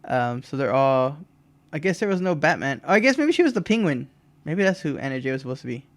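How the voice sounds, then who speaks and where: A man's voice: on the high side, fast, no room sound. A man co-hosting a podcast, casually recapping a wrestling show and acting out the wrestlers' lines between laughs. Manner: animated retelling, mimics wrestlers' lines with laughs. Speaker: podcast co-host.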